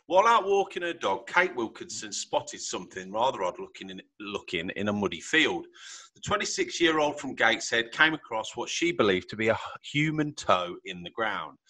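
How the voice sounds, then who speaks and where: Chatty male podcast host, jokey, a bit low-pitched, close and dry. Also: very animated, normal speed, no echo. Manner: chatty, jokey, laughs loudly. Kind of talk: casual podcast chat.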